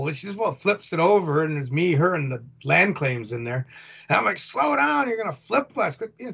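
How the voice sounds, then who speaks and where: Heard on a dull, lo-fi recording, this man's fairly high voice is gravelly with a breathy edge. He gives a rambling, animated retelling of his boat tour, voicing other people's quotes as he goes.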